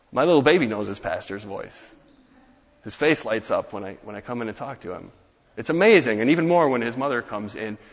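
A man's voice: medium pitch, fairly bright tone. A young male pastor delivering a sermon, earnest and building to emphatic rhetorical questions. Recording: muffled, echoey church hall.

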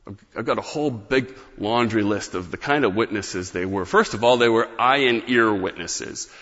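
A man's voice: lowish voice, moderate pace, fairly bright tone, big-room sound, lo-fi sound. A man preaching a sermon in an earnest, emphatic way, leaning hard on key words. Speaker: pastor.

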